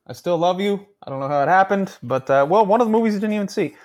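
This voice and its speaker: A young man with a somewhat high voice, chatting on a podcast. He is playful and quick to get excited, and he swears casually. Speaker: podcast co-host. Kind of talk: casual chat.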